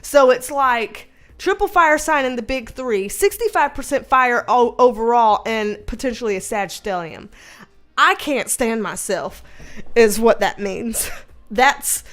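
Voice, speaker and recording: A young woman hosting a casual livestream, reading viewer comments aloud, chatty, laughing often and swearing now and then. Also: on the high side. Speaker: livestream host reading chat. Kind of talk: casual chat.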